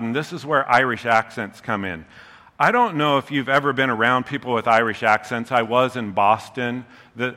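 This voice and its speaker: A man's voice: medium pitch, pushed and bright. A man preaching a sermon in a humorous, conversational way, often checking in with the crowd by asking "okay?". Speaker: pastor. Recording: long reverb of a large hall.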